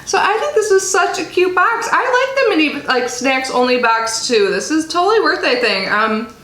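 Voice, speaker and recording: A woman's voice: high voice, very animated, normal speed, fairly bright tone. A woman casually chatting in an unboxing vlog, reading snack labels aloud and talking while she chews. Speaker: subscription box reviewer. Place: home in Florida. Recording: echoey room with faint noise.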